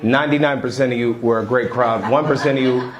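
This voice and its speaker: A man doing stand-up crowd work, brash and insulting, at times shouting. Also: medium pitch, fairly even intonation, fast talker. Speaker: stand-up comedian. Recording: echoey club with loud crowd.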